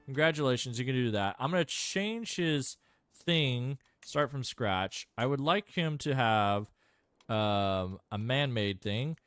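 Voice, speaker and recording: A man's voice: mid-range voice, lively intonation, slow pace, fairly bright tone, clean tone, no room sound, faint music behind. Rambling man narrating his gameplay. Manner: rambling, self-mocking, thinks aloud with many fillers. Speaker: gameplay streamer. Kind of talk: casual gameplay commentary.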